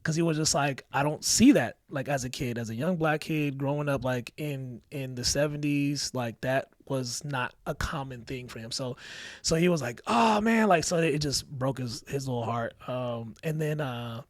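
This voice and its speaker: A man telling family stories on a podcast, animated and acting out the lines of the people he quotes. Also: medium pitch, normal speed, no room sound, clean studio sound. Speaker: podcast guest. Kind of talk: casual storytelling chat.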